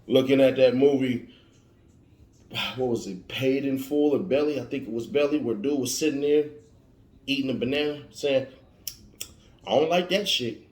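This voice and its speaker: A man's voice: mid-range voice, normal speed, darkish tone. Preachy man in an echoey room. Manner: preachy, emphatic, repetitive warnings. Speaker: motivational speaker. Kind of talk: motivational monologue. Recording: roomy echo.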